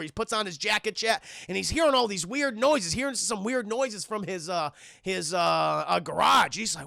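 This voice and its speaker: A man's voice: high-pitched, lively intonation, moderate pace, vocal fry, sharp tone, no room sound, clean studio sound. A young man recapping a film on a live stream, swearing freely and constantly addressing his chat.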